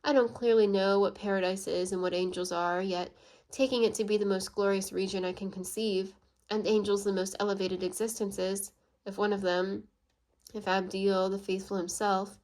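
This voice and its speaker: Storybook: a proud, defiant young woman read plainly by a woman narrator, flat, measured delivery. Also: medium pitch, close to an everyday voice. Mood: earnest. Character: proud earnest young Swiss woman, defiant when stirred.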